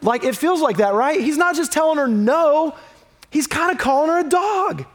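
A man preaching a sermon in a conversational, emphatic way, dropping low and quiet when he reads scripture. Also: animated, moderate pace.

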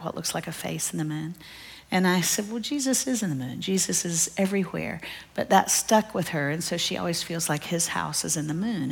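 Gravelly, husky woman preaching a story. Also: on the low side. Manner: drops to a soft, breathy near-whisper at tender moments; earnest and emphatic, addresses listeners as y'all. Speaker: Bible study teacher. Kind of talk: storytelling sermon. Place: church gathering.

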